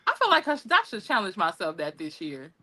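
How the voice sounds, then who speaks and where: A woman co-hosting a podcast, chatting casually in an animated, slangy way. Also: medium pitch, a little fast, a crowd in the background. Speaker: podcast co-host. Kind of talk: casual chat.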